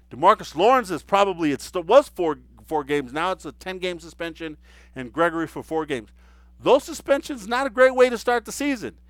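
A man giving casual solo football commentary, animated and incredulous, with mocking asides. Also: high-pitched, smooth, dry recording. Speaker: sports commentator.

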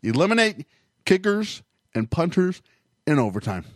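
A man's voice: fairly high pitch, very animated, moderate pace, dry recording, studio quality. A man co-hosting a casual sports talk show, emphatic and riled up, repeating his points. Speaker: co-host.

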